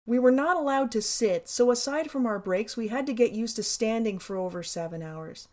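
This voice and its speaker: A woman's voice: fairly high pitch, moderate pace, a little mellow. A woman narrating her own memoir in a wry, candid, sarcastic way, with casual swearing.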